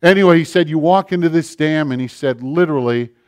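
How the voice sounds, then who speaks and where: A middle-aged man preaching a sermon, rising to loud passages and dropping to near-whispers. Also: on the high side, fairly quick, clean tone. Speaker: pastor.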